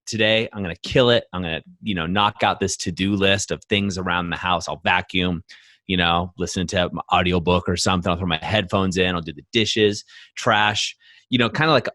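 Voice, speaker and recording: Emphatic male podcast co-host with a low voice and dry, close recording. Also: no room sound. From United States. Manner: emphatic, animated storytelling with many fillers. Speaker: podcast co-host, men's coach. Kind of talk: casual podcast conversation.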